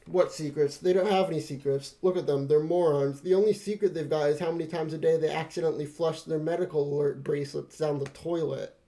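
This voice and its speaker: A man voicing an aloof, crude teenage boy while reading a comic aloud. The boy talks in a flat, sarcastic way and swears often. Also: a little high, fairly quick, gravelly, few pauses, voice pushed down. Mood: scornful.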